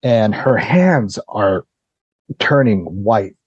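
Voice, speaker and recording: A man's voice: fairly low pitch, animated, very slow, a little mellow, husky, dry recording, muffled recording. A man who is a podcast guest, recounting a personal ordeal in casual, blunt, profane storytelling full of "you know" and "like".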